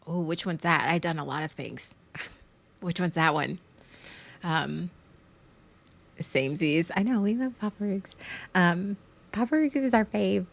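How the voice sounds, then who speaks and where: A woman hosting a livestream, talking frankly in a halting way with many fillers and restarts, and making fun of herself. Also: on the low side, creaky. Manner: frank and self-deprecating. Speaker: livestream host. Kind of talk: candid casual livestream chat.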